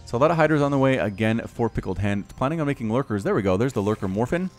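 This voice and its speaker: A man in his thirties commentating a strategy video game match, casual and chatty, getting louder and higher at big plays. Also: rapid-fire. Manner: excitable, rises sharply in pitch and volume at big plays. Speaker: game caster. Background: faint background music.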